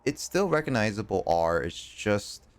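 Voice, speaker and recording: Game streamer, man, lowish clean voice, chatty and rambling, R leans toward L. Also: sing-song, normal speed. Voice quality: R sounds bend toward L. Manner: rambling, full of fillers and restarts. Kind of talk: casual chat while gaming.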